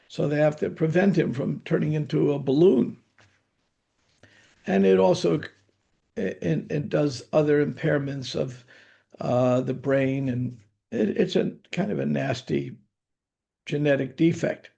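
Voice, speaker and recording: A man's voice: fairly high pitch, lively intonation, unhurried, gravelly, pauses often, warm tone, lo-fi sound. An older man giving a scripture lecture, telling anecdotes in a conversational way with dry humor. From United States. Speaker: spiritual teacher giving scripture class.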